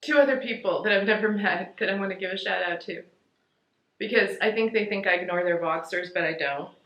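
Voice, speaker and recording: A woman's voice: medium pitch, a little fast, fairly bright tone, highs cut off. A middle-aged woman, tearful, talking casually to her viewers in a rambling, heartfelt way. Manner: rambling heartfelt thank-yous, says "you guys" often. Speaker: vlogger. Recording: echoey room.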